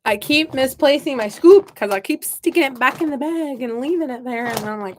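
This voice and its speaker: Her voice is high, animated, and a little mellow, at a moderate pace, with slight background noise. She's a gardening channel host from the American Midwest affecting a Southern drawl, joking with her live-stream audience and chatting to her seedlings while she works.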